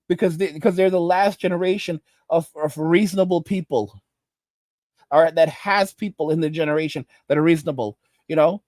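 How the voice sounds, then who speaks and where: A man's voice: sits high, a little mellow, no echo. A man hosting a commentary channel, ranting in an exasperated, lecturing way with frequent restarts.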